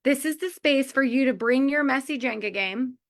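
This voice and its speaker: A woman's voice: high voice, normal speed. Chatty woman giving a motivational talk. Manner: chatty, lots of filler "like", laughs often. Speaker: mothers' community leader.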